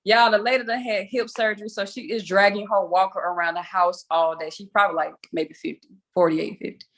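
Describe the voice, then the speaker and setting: A woman's voice: mid-range voice, steady tone, fairly quick. A young adult woman hosting a weekly video call, telling a story casually, with a chatty, self-mocking manner and frequent laughs.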